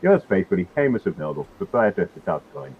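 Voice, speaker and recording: A man's voice: low voice, big pitch swings, fast talker, breathy edge, full character voice. A man playing Hamus, a male tavern proprietor, in a put-on accent, reading a formal letter in a tabletop game over a tinny call line. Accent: put-on character accent. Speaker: player. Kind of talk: in-character tabletop role-play. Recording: tinny phone-like online call.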